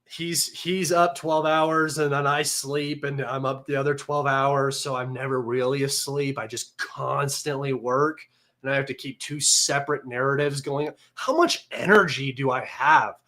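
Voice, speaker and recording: A man hosting a livestream, talking in a mocking, sarcastic and combative way, excitable and a little manic. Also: mid-range voice, measured pace. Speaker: livestream host. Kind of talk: casual livestream commentary.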